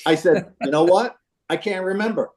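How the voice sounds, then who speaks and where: A man's voice: high voice, normal speed. An older man, a former baseball trainer, telling a story in casual talk over a phone call, acting out what people said and swearing freely. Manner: animated, swearing, acts out quotes.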